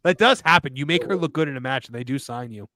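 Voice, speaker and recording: A man's voice: mid-range voice, fast, sharp tone. A man hosting a casual wrestling talk show, reading out viewer messages with jokes and laughter, his throat sore. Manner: laughing, joking, mock-reading in voices. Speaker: podcast host.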